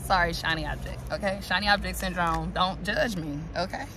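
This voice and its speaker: A woman's voice: fairly low pitch, fairly even intonation, a little fast. A woman giving a casual tarot reading outdoors, talking to her viewers in a chatty, profane way with lots of asides. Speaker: tarot reader. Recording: outdoor recording with clear traffic ambience. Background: vehicles passing.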